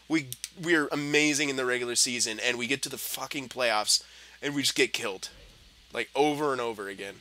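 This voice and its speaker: A young man giving gameplay commentary, frustrated and swearing, muttering low and then yelling at the game. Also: fairly quick. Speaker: gaming commentator.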